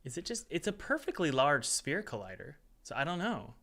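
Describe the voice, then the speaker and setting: A man narrates his game development session at his desk in a bright, forceful voice that sits a little high. He talks loosely and thinks aloud, trailing off and sighing at stubborn bugs. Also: sing-song, fairly quick. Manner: chatty, self-talking, exasperated asides. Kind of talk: casual devlog commentary while working.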